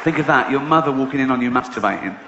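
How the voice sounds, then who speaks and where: Profane English stand-up comedian. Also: male voice, mid-range voice, rapid-fire, very noisy. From England. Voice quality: profane, blunt, rising to incredulous shouts. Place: live theatre stage. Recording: echoey dull live hall recording with crowd.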